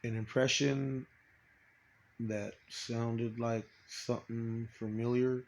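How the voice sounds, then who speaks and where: A man in a rambling personal monologue, swearing often, stopping and restarting, and trailing off quietly. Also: mid-range voice, level tone, gravelly. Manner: profane, halting, trails off quietly.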